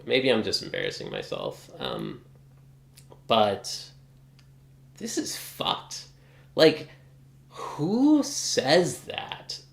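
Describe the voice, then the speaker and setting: A man's voice: medium pitch, vocal fry, fairly bright tone, echoey room. A man ranting casually in a vlog, exasperated and swearing often. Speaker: guitar hobbyist vlogger.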